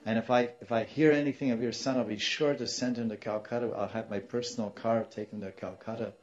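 A man voicing a calm, compassionate older male guru who speaks gently and cordially, in a dull lo-fi recording. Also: medium pitch, fast, close to an everyday voice. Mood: calm reassuring.

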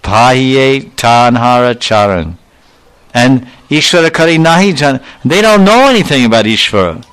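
A man's voice: mid-range voice, lively intonation, normal speed, a bit bright, clean tone. A man teaching a devotional lecture, retelling scriptural dialogues and quoting verses in his storytelling. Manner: storytelling, acting out dialogue with quoted Sanskrit-Bengali terms. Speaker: spiritual teacher.

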